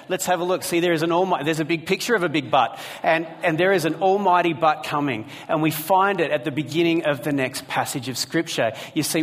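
A man preaching a sermon to a live congregation, telling a personal story with asides to the listeners. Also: fairly high pitch. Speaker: pastor. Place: church hall with a live congregation. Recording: long hall reverb.

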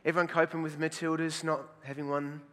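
Jokey Australian preacher in a big hall. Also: male voice, fairly high pitch, little pitch movement, fairly quick, fairly bright tone. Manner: jokey, self-mocking, laughs at own jokes. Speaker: pastor. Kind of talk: sermon. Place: large church hall. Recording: long hall reverb.

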